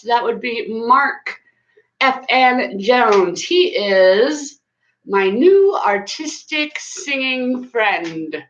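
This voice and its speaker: A woman's voice: a little high, fairly bright tone, slight background noise. Chatty woman in an echoey bathroom. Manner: chatty, earnest, with frequent fillers. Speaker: YouTuber doing a live stream. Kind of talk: casual live-stream chat. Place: her bathroom at home. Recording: echoey small room, slightly dull sound.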